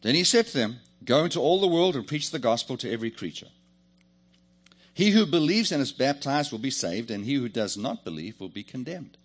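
A man preaches to his congregation, his voice sitting in an ordinary middle register. His pitch rises and falls constantly, with lively swoops for emphasis. He jokes and calls for answers from the people in front of him. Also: fairly quick. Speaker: pastor. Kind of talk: sermon.

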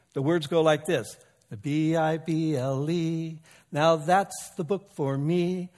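A man's voice: a little high, breathy edge, in a large hall. A male pastor delivering a sermon in a folksy, conversational way, joking with and calling out to his congregation. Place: church sanctuary.

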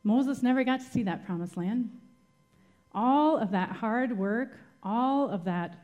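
A woman's voice: fairly high pitch, animated, measured pace, dark tone. A woman giving a sermon as a Bible teacher, retelling scripture dramatically and asking the listeners rhetorical questions.

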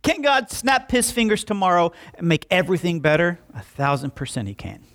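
A man's voice: high voice, fairly quick. A young man preaching a sermon, telling jokey stories and acting out quotes as he goes. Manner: animated, jokey storytelling with acted-out quotes. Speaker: pastor.

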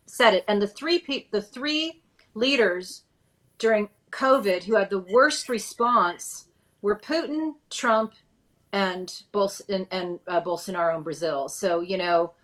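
A woman's voice: medium pitch, unhurried, fairly bright tone. A woman hosting a political talk podcast in a chatty, emphatic way. She keeps the show moving and hands off from one segment to the next. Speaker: podcast host. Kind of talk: casual political chat.

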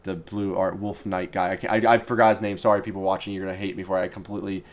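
A man chatting about games at a rapid clip, his voice sitting fairly low. He gets excited and rambles, dropping sentences and starting them over. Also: slight background noise. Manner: excitable, rambling, trails off and restarts. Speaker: podcast co-host. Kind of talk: casual gaming chat.

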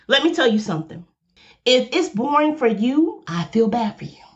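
A woman's voice: a little high, very animated, slow. Passionate Southern woman pastor preaching. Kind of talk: podcast sermon.

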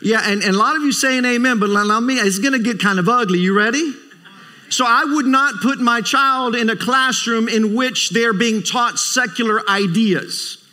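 A man's voice: very high-pitched, moderate pace, pushed and bright. A man preaching a sermon as a visiting speaker, emphatic, repeating phrases for stress and calling for amens. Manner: calls for amens from the congregation. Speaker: guest preacher.

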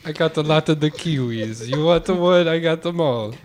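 A man playing a sleazy male sex-line operator with a low, sultry purr. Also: flat delivery, a little slow. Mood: cocky. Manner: husky sultry purr, failing at accents. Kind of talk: comedy sketch.

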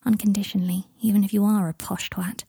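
A woman's voice: fairly high pitch, quick pace, creaky, mellow, breathy edge, no room sound, clean studio sound. A woman reading a brash, crude young woman. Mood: fond. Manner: blunt and crude.

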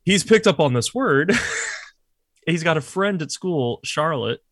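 A man in his thirties chatting casually, telling lively stories about his kids and swearing freely. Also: fairly high pitch, slow, dry recording, studio quality. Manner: animated storytelling, swears freely. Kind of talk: casual chat.

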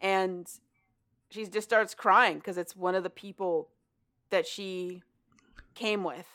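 Woman recapping a story w a friend, casual and sweary, mid pitch, quotes ppl as she goes. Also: steady tone, a bit bright. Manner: casual, profane, acts out characters in quick quotes. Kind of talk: casual chat retelling a story.

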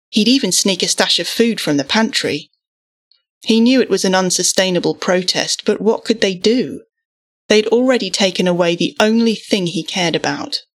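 A woman narrating a story aloud in an even, measured reading voice. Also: lowish voice.

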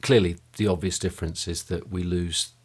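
Low-voiced man hosting a podcast. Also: steady tone, normal speed, darkish tone, husky. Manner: hesitant, many fillers and restarts. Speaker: podcast host. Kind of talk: casual chat and wrap-up. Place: home studio room.

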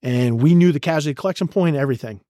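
A man's voice: on the high side, quick pace, dry recording. Middle-aged man, army veteran guest, gritty combat storytelling, swears freely, dry close sound. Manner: blunt, profane and vivid, acting out shouted orders. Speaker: guest, retired army command sergeant major. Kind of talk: intense war storytelling in a podcast interview.

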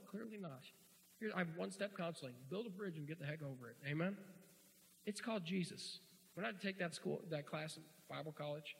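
Male preacher, folksy and joking, fairly high gravelly voice, ringing hall reverb. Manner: folksy, joking, swings from quiet asides to loud shouts. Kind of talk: sermon.

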